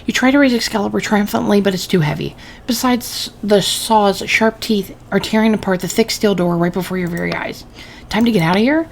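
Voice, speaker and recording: A woman's voice: medium pitch, a little fast, creaky, slight background noise. A woman playing a story game, reading its text aloud and adding casual, wry comments of her own. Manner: casual, wry asides between read lines. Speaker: gaming channel host.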